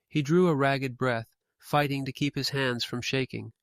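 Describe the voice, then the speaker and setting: A man reading a scripted ghost story in a measured, steady way. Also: mid-range voice, no room sound, clean studio sound. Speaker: narrator.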